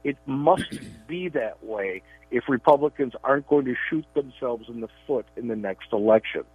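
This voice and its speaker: Speaking at normal speed in an animated, husky mid-range voice, a man co-hosts a political radio show and writes as a columnist. He's emphatic and often repeats words when opening sentences. The sound is a tinny phone line, dry with no echo.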